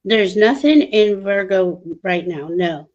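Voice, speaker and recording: A woman's voice: medium pitch, animated, slow, darkish tone. A woman astrologer in casual chat, rambling and often correcting herself with frequent fillers. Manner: rambling, self-correcting, frequent "you know". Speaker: astrologer guest. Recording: slightly dull lo-fi audio.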